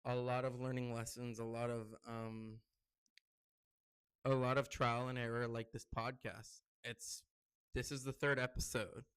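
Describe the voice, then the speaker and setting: A man's voice: unhurried, clear, resonant tone, no room sound. A young man hosting his own podcast, chatting casually and rambling through stories with many fillers. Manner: gets loud and high-pitched when excited. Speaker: podcast host. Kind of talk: casual solo podcast chat.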